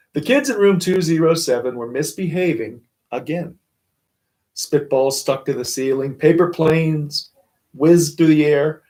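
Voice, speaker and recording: A man reads a children's picture book aloud on a livestream for students. His voice sits at an ordinary middle pitch. He keeps stopping to chat and comment on the pictures. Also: gravelly, slight background noise, low-quality recording. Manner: chatty, with frequent asides and comments on the pictures. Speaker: school staff reading to students. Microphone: phone or camera for a livestream.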